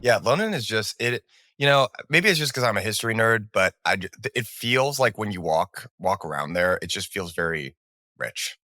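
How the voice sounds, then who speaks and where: A male podcast co-host with a lowish but bright, forceful voice. He talks in a loose, meandering way that is full of restarts. The sound is dry and close. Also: moderate pace, no echo. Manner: relaxed, meandering, many restarts. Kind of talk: casual market talk.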